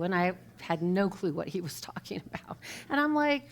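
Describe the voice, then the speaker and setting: A woman's voice: fairly low pitch, big pitch swings, normal speed, gravelly. A middle-aged woman minister giving a live storytelling sermon in church, acting out quoted voices and laughing as she goes.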